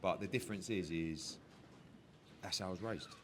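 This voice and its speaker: A man who works as a boxing promoter, talking candidly in a casual interview, animated and swearing freely as he tells stories. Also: low-pitched, moderate pace, a crowd in the background. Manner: animated, heavy swearing, emotional storytelling.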